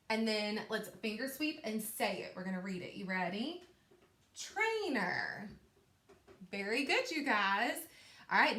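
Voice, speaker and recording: A woman's voice: on the high side, bright, forceful tone. Patient woman teaching a phonics lesson. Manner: clear, patient, encouraging classroom cadence. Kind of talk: remote phonics lesson for children. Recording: echoey room.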